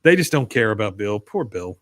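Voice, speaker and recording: Speaking low in a sing-song way, this man co-hosts a podcast and walks through a cartoon episode one scene at a time. As he retells it, he does quick impressions of the characters he quotes.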